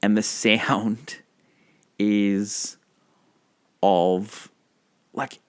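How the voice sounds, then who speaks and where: A man's voice: fairly low pitch, level tone, drawn-out words, clear, resonant tone. A man co-hosting a casual film podcast, retelling scenes in a rambling way with many fillers. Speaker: podcast co-host.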